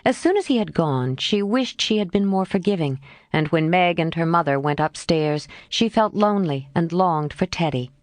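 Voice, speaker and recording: A woman narrates a classic novel with an expressive, storytelling delivery. Her voice sits on the low side and swings widely in pitch. The recording is close and dry, with no room sound. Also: normal speed, no echo. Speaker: audiobook narrator. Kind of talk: scripted audiobook narration.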